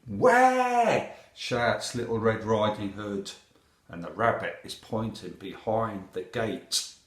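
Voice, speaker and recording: Guy reading a kids picture book aloud, slow and bouncy, echoey room. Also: fairly low pitch. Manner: animated, asks the listener questions. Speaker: storyteller.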